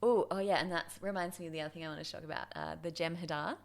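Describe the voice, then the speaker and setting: Wry woman podcast co-host, low voice. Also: fairly even intonation, vocal fry. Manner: quick agreeing interjections, wry asides. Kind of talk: casual chat.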